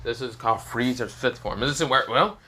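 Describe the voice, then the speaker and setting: A man's voice: medium pitch, brisk, pushed and bright, slightly rough. A man casually narrating a fan story off the cuff, rambling with many fillers and restarts.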